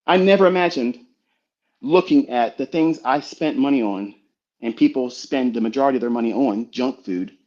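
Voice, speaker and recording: Over dull, lo-fi online stream audio, a man who mentors traders gives a forceful, sermon-like motivational talk laced with swearing. He speaks at a normal speed in a mid-range voice with a darkish tone.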